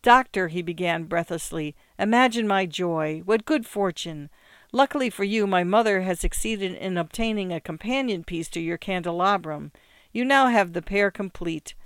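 A storyteller voicing a grateful young man who eagerly presses a gift on someone, in a clear, smooth voice. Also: mid-range voice, moderate pace, no echo, studio quality, natural voice. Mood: overjoyed. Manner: effusive, pleading.

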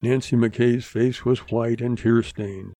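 Man narrator, western story reading, gravelly, dark tone, slow, dry close mic. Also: medium pitch, fairly even intonation, no echo. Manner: measured, deliberate storytelling.

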